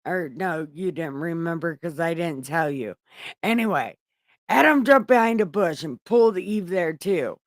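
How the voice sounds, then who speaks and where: Lady telling a crude comic story, rambling, slow, dry sound. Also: fairly low pitch, lively intonation, no room sound. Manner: rambling, laughing, crude jokes. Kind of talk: casual comic retelling.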